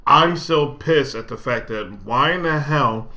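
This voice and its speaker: A young man co-hosting a podcast, talking in an animated, emphatic way in casual chat. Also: medium pitch, a little slow. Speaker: podcast co-host.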